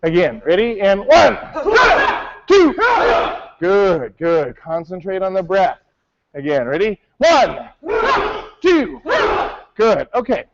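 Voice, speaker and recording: A man's voice: sits high, big pitch swings, takes it slowly, pauses often, highs cut off, a faint crowd. A male martial arts instructor teaching a class, calling out counts and coaching his students. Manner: barks counts, coaching and correcting.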